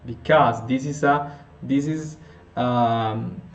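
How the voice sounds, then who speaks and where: A man teaching an intonation lesson, working through example sentences slowly, often restarting and correcting himself. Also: medium pitch, fairly even intonation. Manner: slow, halting, with frequent restarts and self-corrections. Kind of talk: phonetics lesson explanation.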